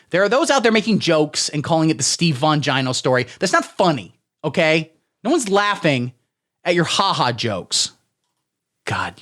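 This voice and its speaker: A young man riffs crudely through solo satirical commentary, his tone sarcastic and deadpan. His voice sits a little high for a man. It rises and falls a lot as he talks. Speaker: podcast host.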